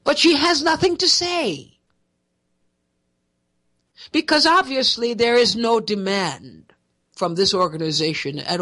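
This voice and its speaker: Woman doing snarky political commentary, lively pitch, takes her time. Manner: sarcastic, mocking.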